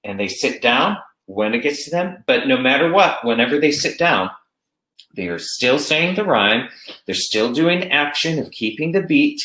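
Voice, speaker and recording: Male music teacher presenting online, animated delivery, echoey room sound. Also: medium pitch, normal speed. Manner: explains classroom games, speaks chants in rhythm.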